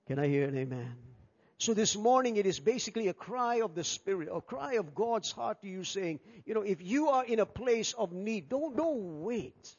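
A man preaching a sermon as pastor, animated and acting out the people in his story. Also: high voice, normal speed, slightly rough. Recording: dull sound with long hall reverb.

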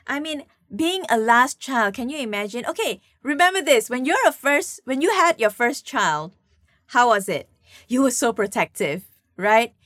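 A woman with a Malaysian English accent preaching a sermon, telling stories in an animated way with playful asides. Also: high voice, no room sound, studio quality.

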